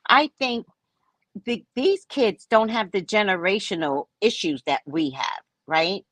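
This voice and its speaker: A woman host telling a story in casual chat, mocking and animated, laughing often and jumping high when exasperated. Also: measured pace, no echo. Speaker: podcast host.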